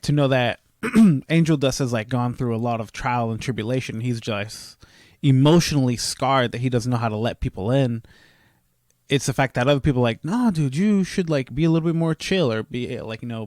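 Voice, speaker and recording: A man's voice: mid-range voice, no echo. Young guy rambling on a podcast, gets worked up ranting, dry close sound. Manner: rambling, animated, rants with quoted asides. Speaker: podcast co-host. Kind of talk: casual chat.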